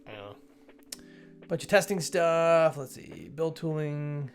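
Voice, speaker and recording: This is a casual livestream where a man reviews software updates, reading the changelog aloud, greeting people in chat and rambling with frequent corrections of himself. His fairly high voice is animated but his pace is measured, with soft music behind him.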